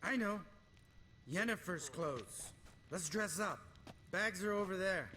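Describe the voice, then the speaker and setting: Brash, mocking monster hunter. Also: male voice, high voice, lively intonation, slow, sharp tone, a little hiss or hum, exaggerated voice. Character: sarcastic, crude male monster hunter, joking. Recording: game music under voice.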